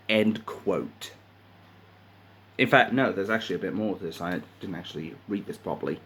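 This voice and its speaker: A man reading news articles aloud and ranting about them in profane, indignant commentary, jumping from loud outbursts to muttered asides. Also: low-pitched, normal speed, slightly rough. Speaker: commentary channel host.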